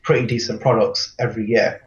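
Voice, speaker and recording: A man's voice: on the low side, little pitch movement, a little fast. A man co-hosting a gaming podcast, rambling with hesitant fillers in casual chat. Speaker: podcast co-host. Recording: echoey, dull lo-fi line.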